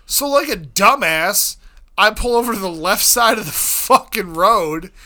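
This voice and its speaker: High bright-voiced man telling a story. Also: a little slow. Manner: profane, animated storytelling. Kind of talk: casual storytelling.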